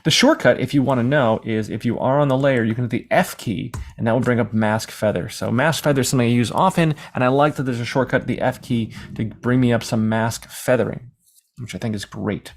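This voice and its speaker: A man teaching a screen-recorded software lesson in a casual, rambling way, sometimes acting out questions from imagined viewers. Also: medium pitch, fairly quick, a little hiss or hum. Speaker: software tutorial instructor.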